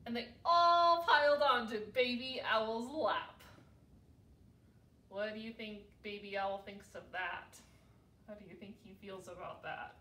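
A woman as a children's librarian, reading picture books aloud for babies in a sing-song, animated way. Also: medium pitch, a little slow, long pauses. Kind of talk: storytime read-aloud for babies. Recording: roomy, from a distance.

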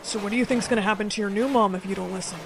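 Villain: fake-kind male kidnapper, gravelly low threats, played by a woman. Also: rapid-fire, background noise, lightly acted. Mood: threatening. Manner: smooth menace, low threats. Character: sinister fake-friendly male kidnapper therapist. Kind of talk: skit role-play.

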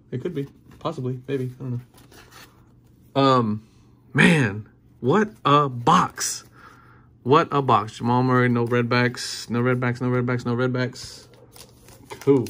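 A man in his thirties giving excited, casual commentary while opening trading card packs, often repeating himself and breaking into cheers. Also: medium pitch.

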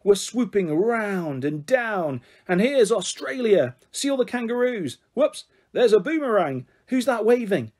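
An excitable young girl bubbles through a storybook scene, as a man reads her aloud. Her lifted, bright voice runs high and eager, full of make-believe. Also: brisk, slightly rough, full character voice. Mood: excited. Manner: bright, eager, raised girlish pitch.

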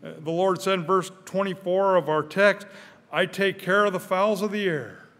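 High-voiced older man preaching, stammering repeats. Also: moderate pace, fairly bright tone. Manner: earnest, repeats his words, rises in pitch and volume when stirred. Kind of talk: sermon. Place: church sanctuary. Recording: church hall with long reverb.

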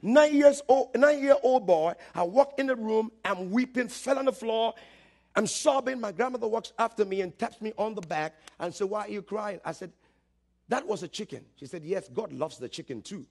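Impassioned preacher with a high, husky voice. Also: male voice, moderate pace. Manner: impassioned, building to shouts, calls for audience response. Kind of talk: sermon. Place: church service, streamed live.

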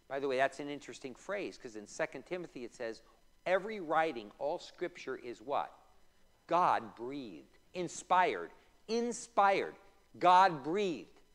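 A man, a pastor, teaching a Bible class in a church. He tosses in joking asides, reads scripture aloud and quizzes the class. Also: fairly high pitch. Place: church room. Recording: reverberant church hall.

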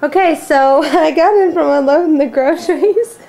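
High-voiced mother cooing at her babies. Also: moderate pace, creaky, mellow, poor audio. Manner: playful, cooing to babies, laughing often. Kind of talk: home video chat. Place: at home indoors. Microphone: handheld camcorder.

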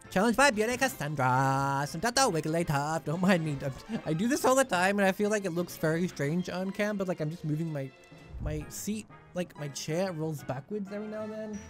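A man's voice: high-pitched, lively intonation, fairly quick, soft background music. A young man giving rambling, jokey commentary while he plays a video game. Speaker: let's play gamer. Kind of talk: casual gameplay commentary.

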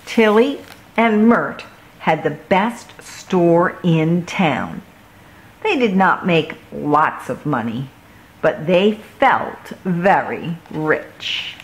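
A woman reading a children's picture book aloud, slow and expressive. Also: on the low side, low-quality recording. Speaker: children's story reader. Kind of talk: storybook read-aloud.

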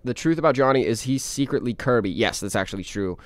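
A man's voice: medium pitch, expressive, fast talker. A young man livestreaming a game, chatting casually, reading chat aloud and playing up dramatic moments for fun. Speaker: streamer and animator.

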